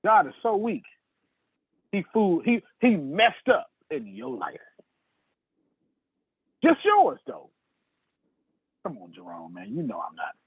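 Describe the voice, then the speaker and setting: This man, a sales trainer, has a high-pitched voice with huge pitch swings, a slow pace, frequent pauses, and a slightly rough quality. He gives a fiery, sermon-like sales lecture over video, calling people by name. The recording is dry and tinny, like a phone line.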